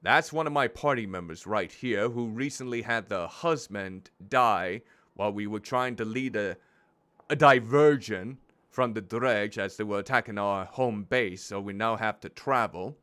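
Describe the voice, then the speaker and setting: A man streaming a game, chatting in an expressive, self-deprecating way. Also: lowish voice, unhurried, clean tone. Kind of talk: gameplay commentary.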